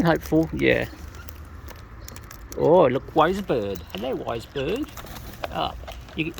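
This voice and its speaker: Woman crooning to birds, slow and gravelly, noisy outdoor take. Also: deep voice, big pitch swings, a little mellow. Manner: coos and baby-talks to birds. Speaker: bird feeder filming wild birds. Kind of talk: casual talk to birds.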